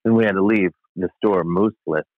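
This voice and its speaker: Low-voiced man telling a wry story. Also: brisk, no room sound. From United States. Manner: rambling, wry storyteller with many asides. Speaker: podcast guest storyteller. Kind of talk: casual anecdote. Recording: thin phone-like sound, dry.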